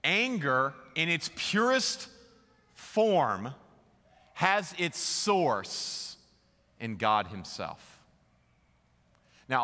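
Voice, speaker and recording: A man's voice: mid-range voice, bright, forceful tone. A middle-aged male pastor preaching a sermon in a casual, conversational way, full of rhetorical questions. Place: large church hall. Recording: long hall reverb.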